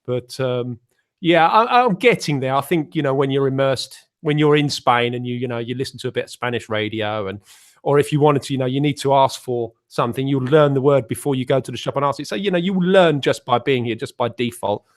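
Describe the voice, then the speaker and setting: A man's voice: medium pitch, fairly quick. A man, chatting casually on a panel call and rambling with lots of fillers. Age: 40s. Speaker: panel guest. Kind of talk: casual chat.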